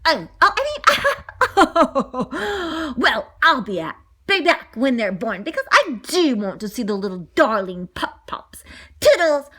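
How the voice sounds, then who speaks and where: A woman's voice: high-pitched, very animated, fairly bright tone, heavily acted. A woman voicing a vain, greedy older woman villain who croons and drags out her words. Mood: gushing. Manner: crooning, drawn-out, gushing.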